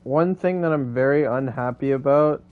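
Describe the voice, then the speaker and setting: A man's voice: mid-range voice, moderate pace. A young man playing a game and chatting casually, laid-back, with short replies and casual swearing. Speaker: player of the game. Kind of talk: casual gaming chat. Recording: dull lo-fi mic.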